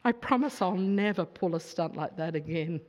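A woman's voice: lowish voice, expressive, moderate pace, dull audio, close to an everyday voice. A woman muttering as a scared soaked fisherman. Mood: pleading. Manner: muttering pleading. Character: anxious soaked male fisherman disciple.

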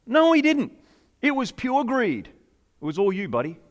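With a light, high voice that swings hugely in pitch, a pastor delivers his sermon at an unhurried pace. He stays easygoing, joking and chatting, and throws asides and questions to his audience.

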